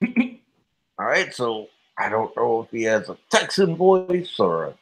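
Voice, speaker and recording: A man hosting a rowdy online radio show, spouting "facts" with mock-serious swagger. He talks slowly with a lively, swooping pitch and laughs often. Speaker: podcast host. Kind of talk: casual chat, trash talk.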